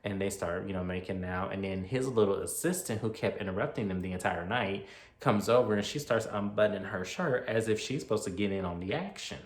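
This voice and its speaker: A man's voice: lowish voice, a little fast. A man casually recapping a horror movie, chatty and acting out the characters' lines as he goes. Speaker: movie reviewer. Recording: echoey room.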